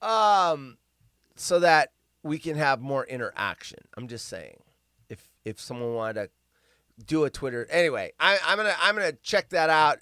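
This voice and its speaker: A man hosting a casual livestream, rambling and sarcastic as he reacts in disbelief. His voice sits a touch high and swings widely in pitch. It is smooth and clear, recorded close and dry. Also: big pitch swings, moderate pace, pushed and bright, no echo. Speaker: livestream host.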